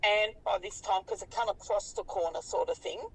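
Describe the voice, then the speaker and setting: A woman in her fifties with an Australian accent, telling a story in an animated, colloquial way and swearing freely. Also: medium pitch, brisk, husky, dry recording, distant mic, rough recording. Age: 50s. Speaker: interviewee recounting a sighting. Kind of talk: casual storytelling interview.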